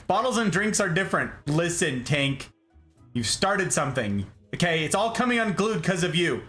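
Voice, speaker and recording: A man's voice: on the high side, very animated, normal speed, a bit bright, faint music behind. A man hosting a casual live stream, chatting playfully and greeting viewers by name. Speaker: streamer host. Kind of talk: casual chat reading live chat.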